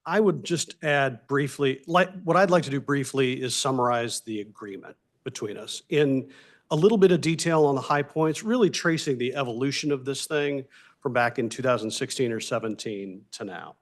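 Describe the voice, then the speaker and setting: A man at an average pitch addresses a mayor and commissioners as their outside counsel. He is brisk and businesslike, summarizing an agreement in formal terms. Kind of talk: formal briefing to officials. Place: government meeting chamber.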